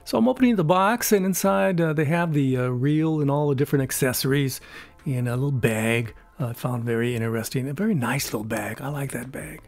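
A man in his seventies from California, rambling through a casual unboxing review at home, pausing often on fillers and chuckling. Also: mid-range voice, a little mellow, no room sound, soft background music. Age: 70s. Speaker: YouTube product reviewer.

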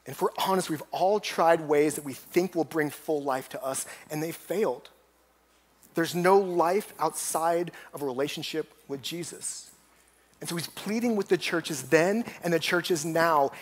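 A man's voice: on the high side, moderate pace. Earnest man preaching a sermon. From United States. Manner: earnest, storytelling, builds up emphatically on punch lines. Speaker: pastor.

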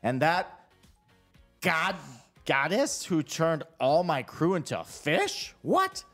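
A man voicing a gruff male pirate shopkeeper captain in a growly, drawn-out drawl, reading game dialogue aloud in character. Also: a little high, wildly swooping pitch, a bit bright, soft background music, heavily acted. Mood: boastful.

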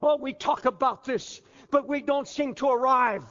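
An older man preaching a fervent sermon as pastor, sinking low and quiet at times, then rising again. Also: normal speed. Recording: muffled hall recording with long reverb.

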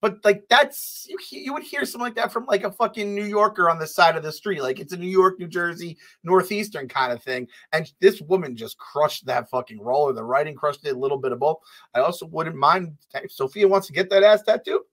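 A man co-hosting a podcast in casual chat, excitable and rambling, swearing freely with lots of fillers. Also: a little high, fairly quick. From US Northeast. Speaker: podcast co-host.

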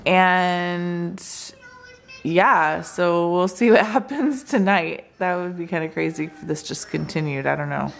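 Young woman, vlog host, tired and uncomfortable, lowish voice, chatting casually from her couch at home. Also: unhurried, vocal fry. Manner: tired, resting on a couch, talks with laughs. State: in pain from contractions. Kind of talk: casual chat to camera. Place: living room at home.

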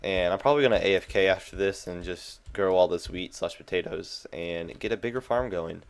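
A man's voice: sits low, a little fast, gravelly, clean tone. A young man hosting a gaming video, chatting casually and reacting jumpily to the game, with keyboard clicks behind him. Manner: chatty, self-amused, jumpy reactions. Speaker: gaming channel host.

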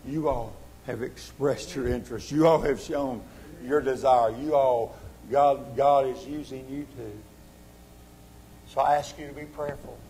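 A man preaching a sermon as pastor, surging to loud exhortation and sinking to quiet appeals. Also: fairly even intonation, measured pace, poor audio. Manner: impassioned, rising to loud exhortation then dropping low. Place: church sanctuary.

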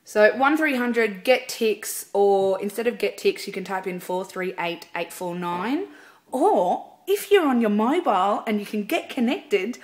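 Chatty woman vlogging backstage. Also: medium pitch. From Australia. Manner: chatty, rambling, lots of fillers. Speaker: singer. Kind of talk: casual video blog. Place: backstage dressing room at a theatre.

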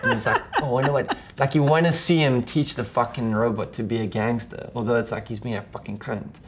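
A South African man rambles through a casual interview, peppering almost every phrase with "like" and swearing without a second thought. His pitch sits in the middle for a man, and faint noise hangs behind him. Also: fairly quick. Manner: rambling, profane, full of "like" fillers. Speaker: musician and actor, guest.

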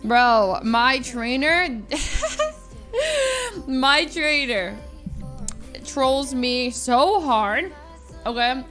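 A woman's voice: sits high, very slow, long pauses, sharp tone, faint music behind. A young adult woman streamer telling a story casually and animatedly, laughing often and stretching words for emphasis.

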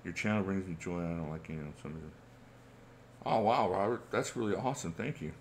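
In his forties, this channel host runs a casual livestream Q&A, chatting away, reading viewer questions aloud and chuckling often. His voice is deep and fairly quick, with slight background noise.

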